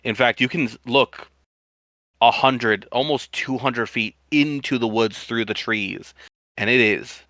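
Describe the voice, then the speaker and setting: A man running a tabletop game as game master, describing the scene in a halting, unhurried way with frequent restarts. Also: medium pitch, bright, forceful tone, dry recording.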